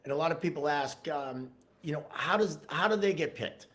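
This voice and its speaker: A man's voice: a little high, normal speed, fairly bright tone. A man co-hosting a casual podcast, who jokes often and laughs readily. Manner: laughs often, jokey banter. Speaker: podcast co-host.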